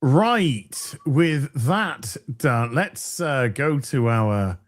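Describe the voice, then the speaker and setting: A man's voice: mid-range voice, expressive, extremely slow. A man hosting a casual podcast chat, rambling with restarts and chuckles. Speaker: podcast host.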